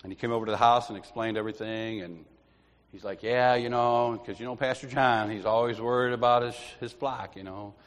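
A man's voice: mid-range voice, steady tone, fairly quick. A man giving an informal church teaching, telling anecdotes, often laughing and acting out the people in his stories. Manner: storytelling, laughs often, acts out others. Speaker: lay preacher. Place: church sanctuary. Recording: long hall reverb.

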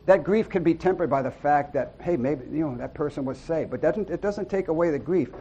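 A middle-aged man giving an informal sermon to a small church group, earnest and folksy, with loud whoops and amens. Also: a little high, a little fast, muffled recording, slight background noise. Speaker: lay preacher.

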